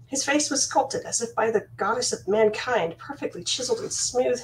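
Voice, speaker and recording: A woman reading her own fantasy novel aloud in the first person, with steady, measured storytelling. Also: a little high, slight background noise. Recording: voice slightly distant from mic.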